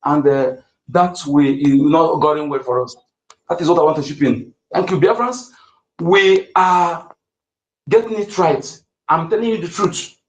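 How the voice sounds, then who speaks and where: A man's voice: a little high, a little slow, echoey room, poor audio. A man moderating an online audio space, speaking in an earnest, rallying, preachy way.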